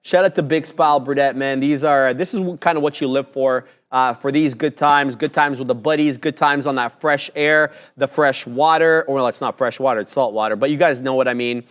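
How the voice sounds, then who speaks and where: A man co-hosting a live trading stream, laid-back and jokey, giving enthusiastic shout-outs to viewers. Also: mid-range voice, fairly quick, hardly any pauses. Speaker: stream co-host.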